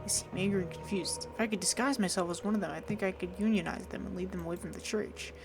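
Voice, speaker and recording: A woman hosting a let's play, relaxed, reading the detective's lines aloud in her own plain voice as she plays. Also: mid-range voice, quick pace, over music. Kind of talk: reading game dialogue aloud while playing.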